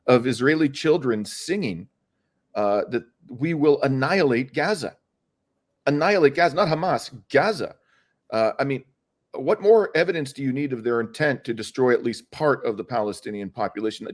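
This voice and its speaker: A man's voice: medium pitch, a little mellow. A middle-aged man speaks as a lawyer in an interview, his mid-range voice earnest and urgent. He argues point by point, stumbling into restarts and filler sounds when he presses hardest. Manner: earnest, frequent hesitations and restarts. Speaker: lawyer and activist guest. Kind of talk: impassioned interview answer.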